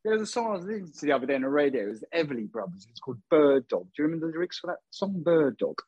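A man co-hosts a podcast, jolly and self-deprecating. His husky voice moves lively up and down, recorded dry and close. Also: on the high side, racing, no echo, highs cut off. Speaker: podcast co-host. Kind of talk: casual podcast chat.

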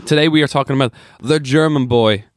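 A man's voice: mid-range voice, fast talker, dry recording, studio quality. A young man co-hosting a podcast in casual chat, rambling and joking with lots of fillers. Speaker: podcast co-host.

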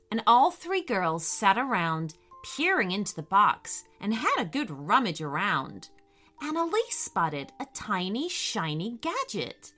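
A woman reading a children's story aloud in an expressive, unhurried way. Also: mid-range voice.

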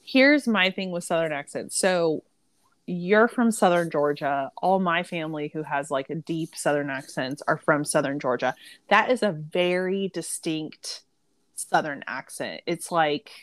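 A woman's voice: low voice, unhurried, no room sound. A woman chatting casually about a book she loved, opinionated and often laughing. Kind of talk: casual book review chat.

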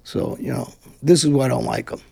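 Gravelly, blunt Brooklyn-born man. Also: mid-range voice, fairly quick, mellow. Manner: blunt, combative, rambling with restarts. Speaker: interview guest. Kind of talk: heated conversational interview.

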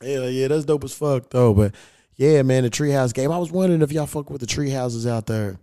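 A man's voice: medium pitch, brisk, warm tone. A man, hosting a podcast in casual chat, telling loose stories full of slang and swearing. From United States. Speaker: podcast host.

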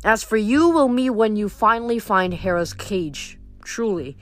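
A woman's voice: medium pitch, lively intonation, unhurried, lightly acted. A woman reading the part of a haughty, amused older male wind god who relishes his power. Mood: mocking.

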